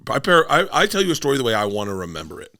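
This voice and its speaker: A man's voice: mid-range voice, wildly swooping pitch, rapid-fire, sharp tone, no echo, clean studio sound. A middle-aged man from Florida, a comedian guest telling rambling stories in casual podcast chat and acting out quotes in bursts.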